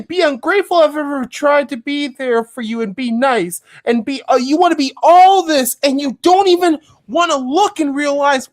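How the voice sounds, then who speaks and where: A woman's voice: sits high, moderate pace, hardly any pauses. A woman in a voice chat, speaking in an impassioned, lecturing way and piling up repeated questions. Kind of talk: heated voice chat confrontation.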